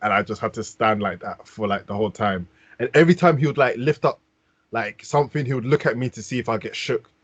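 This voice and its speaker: This man's voice sits at medium pitch and moves fast with no echo. He's a podcast host from London, England, spinning animated, slang-packed stories in a casual chat, recorded on a dull, dry podcast mic.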